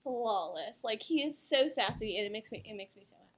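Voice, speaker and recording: A young woman with a high, bright voice co-hosts a casual talk segment. She gushes and giggles, leaning on "like" as she chats. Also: fast talker. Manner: giggly, gushing, lots of "like". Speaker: co-host. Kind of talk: casual chat.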